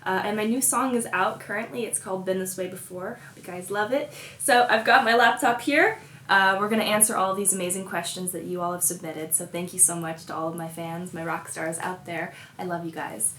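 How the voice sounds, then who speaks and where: Young woman from Colorado, bubbly and giggly, low-pitched for her age, roomy echo with faint background hum. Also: steady tone, fairly quick, a bit bright. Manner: bubbly, giggly, lots of fillers. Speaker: musician answering fan questions. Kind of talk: casual chat. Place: hotel room.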